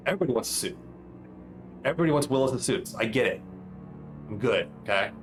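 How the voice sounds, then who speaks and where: A man's voice: mid-range voice, animated, quick pace, faint music behind, lightly acted. A man voicing a fussy, chatty older male tailor who pleads and fusses over his customers. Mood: fussy pleading.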